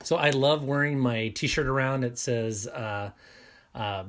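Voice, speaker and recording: A man in his thirties chats casually as a podcast cast member. He sounds upbeat and keeps pausing and restarting as he speaks. His voice sits at a middle pitch. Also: fairly bright tone. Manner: hesitant with many fillers and restarts, upbeat. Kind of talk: casual chat.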